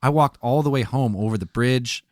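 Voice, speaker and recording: A man's voice: mid-range voice, normal speed, dry recording, clean studio sound. A man in his thirties, a podcast co-host telling a story bluntly in casual chat, swearing freely.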